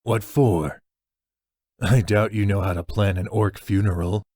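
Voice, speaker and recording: Guy putting on a sneery big impatient dude, low voice, super dry. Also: fairly even intonation, measured pace, no room sound. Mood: scornful. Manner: sneering and sharp. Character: scornful, hulking male rival, impatient.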